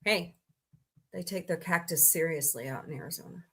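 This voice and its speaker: A woman hosting a casual comedy livestream with a bright, forceful voice. Her delivery is sarcastic and wisecracking as she reads odd laws aloud. She keeps stopping to greet people in the chat by name. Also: lowish voice, moderate pace, slightly rough. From United States.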